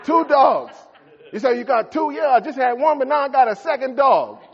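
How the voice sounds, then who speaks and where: A middle-aged man preaching a folksy sermon as a pastor, swinging between shouts and quiet asides. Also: very high voice, expressive, normal speed, slightly rough. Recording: echoey hall, dull lo-fi sound.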